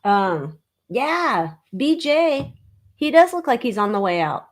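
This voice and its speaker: A woman's voice: a little high, big pitch swings, slow pace. A woman hosting a live tarot reading stream, chatting casually with viewers and cracking snarky jokes with lots of fillers. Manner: snarky, joking, laughs at her own jokes.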